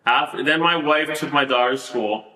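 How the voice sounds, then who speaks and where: A podcast guest tells a story in a casual interview, his medium-pitched voice bright and forceful at a normal speed. He's animated, laughs often and fills his speech with fillers, and the sound has a roomy echo.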